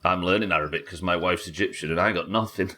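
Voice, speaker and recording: A British man's low voice comes out quick, pushed and bright over soft background music as he streams a game live. He talks casually with his audience, reads their chat messages aloud and swears freely.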